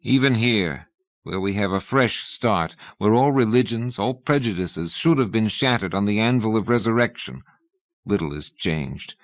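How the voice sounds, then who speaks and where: A man reading an audiobook, voicing a bitter, weary male prisoner who speaks hollowly and low. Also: animated, normal speed, dry recording, natural voice.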